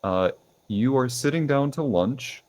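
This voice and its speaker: A young man hosting a podcast, asking questions in a relaxed way with many ums and uhs. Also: medium pitch, a little slow. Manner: relaxed, lots of fillers like um and uh. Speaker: podcast host. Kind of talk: casual interview questions.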